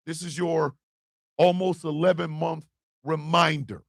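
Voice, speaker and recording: A man hosting a morning show, delivering a profane, impassioned rant that swings from hushed pleading to shouting. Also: fairly high pitch, fairly even intonation, a little slow, creaky, no echo. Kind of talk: ranting monologue.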